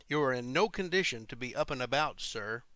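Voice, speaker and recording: A man's voice: mid-range voice, expressive, brisk, pushed and bright, no room sound. A man voicing a stern, bossy middle-aged female nurse who scolds her patient indignantly. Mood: scolding.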